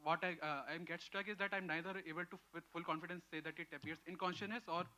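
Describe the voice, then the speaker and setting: A man's voice: fairly high pitch, steady tone, fast, bright, forceful tone. A young man in the audience asking a question hesitantly, with many fillers, far from the microphone. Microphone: far from the mic in the audience.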